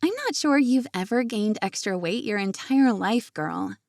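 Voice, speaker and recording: A woman voicing an excitable, gossipy young woman friend who teases and chatters in a lifted voice. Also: moderate pace, no room sound, clean studio sound, lightly acted. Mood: teasing. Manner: teasing, bubbly, raised pitch.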